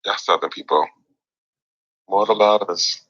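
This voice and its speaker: A man's voice: low voice, a little slow, pushed and bright. A man moderating a casual online group chat, chatty and teasing, laughing often. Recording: lo-fi app audio.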